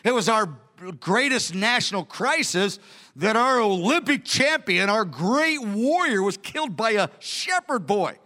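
A man's voice: sits high, sing-song, unhurried, sharp tone, heavily acted. A man voicing a blustering male Philistine king who exclaims in disbelief. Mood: incredulous. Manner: incredulous, exclaiming.

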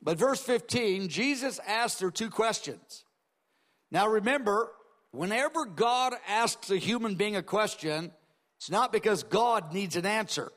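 A man with a notably high speaking voice preaches in an easy, explanatory way, shifting between teaching and acted-out asides. His voice trails off into a long reverb, as in a church sanctuary. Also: expressive, measured pace, fairly bright tone. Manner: conversational expository preaching with dramatized asides. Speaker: pastor. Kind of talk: sermon.

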